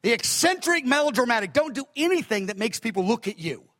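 An older man preaching a sermon, telling stories with animated emphasis, recorded in an echoey hall. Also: very high voice, fast talker.

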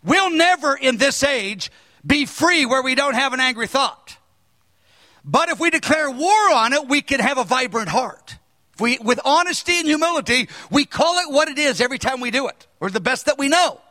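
A man in his sixties preaching a sermon, earnest and emphatic, now and then raising his voice to a shout. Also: very high voice, expressive, moderate pace, long reverb tail.

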